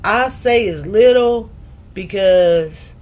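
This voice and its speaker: A woman in her fifties chats casually with her livestream audience, meandering and laughing. Her voice is medium-pitched and darkish, and she takes her time speaking.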